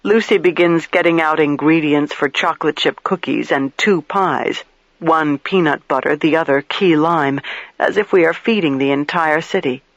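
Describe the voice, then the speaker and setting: A man reading a crime novel aloud in first-person narration, measured and steady. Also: fairly high pitch, dry recording, muffled recording. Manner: measured, storytelling. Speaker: audiobook narrator.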